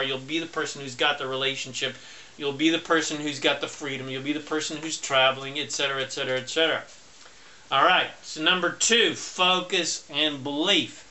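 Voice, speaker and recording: A man giving a motivational self-help talk, speaking loud and emphatic and slowing down to stress key points. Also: fairly high pitch.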